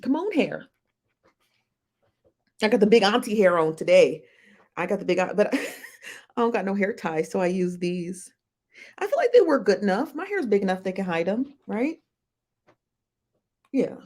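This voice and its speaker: A woman's voice: mid-range voice, sing-song, moderate pace, pauses often, darkish tone. Chatty woman hosting a livestream. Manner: chatty, greets viewers by name, laughs often. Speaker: livestream host. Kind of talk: casual livestream commentary. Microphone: phone.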